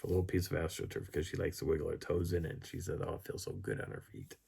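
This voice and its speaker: A hoarse man telling a camping story in a casual, animated way, chuckling as he goes. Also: low-pitched. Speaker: channel host.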